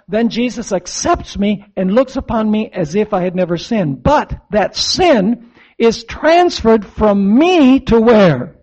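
A man with a high voice delivers a sermon as pastor. He speaks emphatically, posing questions to his listeners and answering them himself. The recording sounds dull and lo-fi. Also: expressive, measured pace, darkish tone. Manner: emphatic preaching with call-and-response questions.

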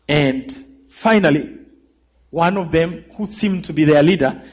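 A man giving a sermon testimony, telling his story dramatically and calling for amens, his voice dropping low and rising again. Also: measured pace, husky. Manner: dramatic storyteller, calls for amens, swings between loud and hushed. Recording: muffled lo-fi recording.

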